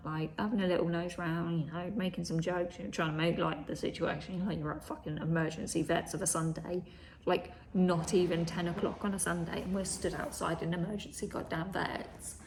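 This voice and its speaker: A woman's voice: fairly low pitch, darkish tone, slight background noise. Chatty woman telling a story. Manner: chatty, swears, acts out quoted dialogue, often drops to a whisper. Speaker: vlogger. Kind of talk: casual storytelling.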